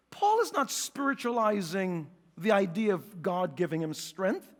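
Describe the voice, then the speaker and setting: A man with a New York accent preaching a sermon, animated and joking as he acts out scenes, slowing and softening for scripture. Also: sits high, in a large hall. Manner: animated, acts out quotes and jokes, then slows and softens for scripture. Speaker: pastor.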